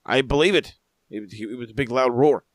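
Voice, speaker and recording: Male co-host, casual rambling recaps with crude jokes, mid pitch, dry close sound. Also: a little fast, no room sound. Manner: rambling, profane, jokey recaps. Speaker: podcast co-host. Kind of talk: casual wrestling review chat.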